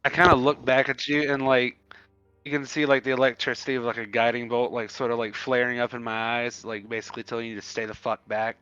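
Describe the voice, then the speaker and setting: A man's voice: medium pitch, flat delivery, quick pace, bright, forceful tone, smooth, dry recording, faint music behind. A man playing in a tabletop game, describing his character's actions in a loose, filler-heavy way. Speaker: player. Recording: dull, dry lo-fi mic.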